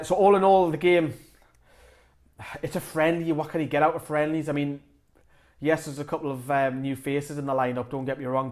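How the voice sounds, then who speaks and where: A man giving his opinionated, rambling take on a match to camera, often correcting himself mid-sentence. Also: mid-range voice. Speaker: football fan vlogger. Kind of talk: casual football commentary to camera.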